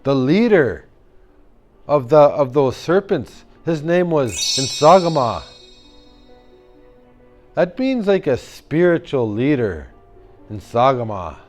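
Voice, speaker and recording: Animated man telling a children's story. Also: medium pitch, slow pace, long pauses, faint music behind. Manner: animated, with sound effects and call-and-response.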